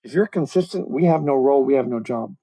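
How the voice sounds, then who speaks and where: Fast-talking with a mid-range voice, a middle-aged communications coach guests on a podcast over a video call, captured on a low-quality recording. He is lively, explanatory, and self-deprecating throughout the conversational interview.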